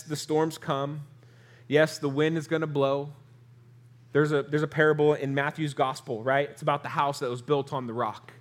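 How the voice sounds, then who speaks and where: A male pastor preaching an earnest sermon, his voice rising through lists and dropping soft on the key lines. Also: a little high.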